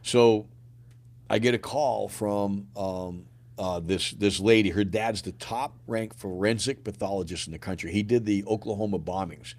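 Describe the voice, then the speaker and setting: A man's voice: lowish voice, moderate pace, a little mellow. A middle-aged man from the United States, a podcast guest telling a painful personal story in a blunt, casual way full of slang and swearing. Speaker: podcast guest, grieving father.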